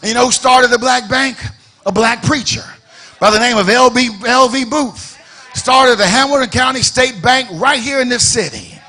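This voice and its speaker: A man preaching a sermon as pastor in a church, firing rhetorical questions, repeating phrases and building to shouted emphasis. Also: very high-pitched, moderate pace. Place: church sanctuary.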